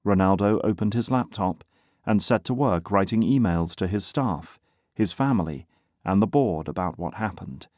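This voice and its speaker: Low-voiced male audiobook narrator. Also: lively intonation, moderate pace, a little mellow, no echo, clean studio sound. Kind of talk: scripted narration.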